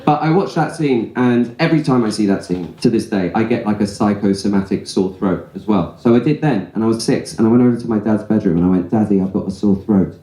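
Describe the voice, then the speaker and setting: A young Englishman performs a stand-up set in a roomy comedy club, spinning conversational stories peppered with "right?" to a laughing crowd. His voice is fairly low and mellow, and he speaks fast with few pauses.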